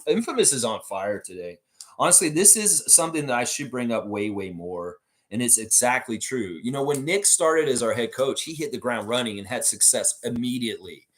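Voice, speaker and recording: A man's voice: mid-range voice, animated, a little fast. A man hosting a fan livestream, chatting casually and answering viewer comments in a rambling way with lots of fillers.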